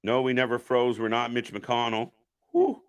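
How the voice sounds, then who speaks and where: A man's voice: medium pitch, level tone, moderate pace, smooth. A man hosting a live watch-party stream, giving loose, profane commentary and answering chat. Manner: profane, rambling, jokey, chats with viewers. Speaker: live stream host reacting to wrestling.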